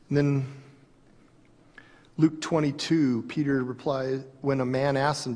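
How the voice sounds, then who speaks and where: A man's voice: medium pitch, flat delivery, a little slow, long pauses, a little mellow, long reverb tail. A man pastor giving an earnest, conversational sermon.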